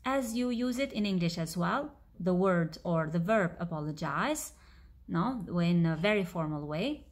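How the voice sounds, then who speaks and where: A woman with an Albanian accent teaching her language, explaining words slowly and repeating them. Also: fairly low pitch, lively intonation. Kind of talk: language lesson reading a story aloud.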